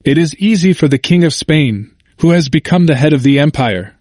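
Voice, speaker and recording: A man voicing a young emperor who speaks with smooth flattery. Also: on the high side, moderate pace, dry recording, clean studio sound, voice pushed up. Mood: persuasive. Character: young, persuasive male emperor.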